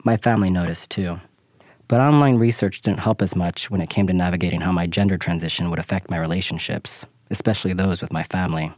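A man with a very deep voice narrates a scripted personal essay, measured and reflective. The sound is close and dry, with no room around it. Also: fairly even intonation, a little mellow, dry recording.

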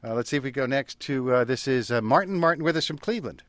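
Man radio host, easygoing, halting at times, dry studio sound. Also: mid-range voice, dry recording. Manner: relaxed, hesitant with restarts. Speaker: radio talk show host. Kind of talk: call-in radio hosting.

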